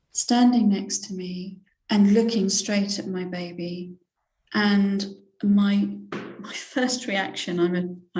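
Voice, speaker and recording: Older English woman, sixties, reverend giving testimony; unhurried, halting, heartfelt; mid-pitched; reverberant room sound. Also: a little mellow. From England. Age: 60s. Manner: slow, hesitant, heartfelt, with many fillers and restarts. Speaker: reverend, interview guest. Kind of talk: personal spiritual testimony in an interview. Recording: roomy echo.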